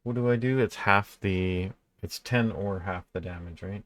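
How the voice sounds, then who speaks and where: A man playing a tabletop game, asking about the rules in an unhurried, casual way. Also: low-pitched, no room sound. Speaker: player.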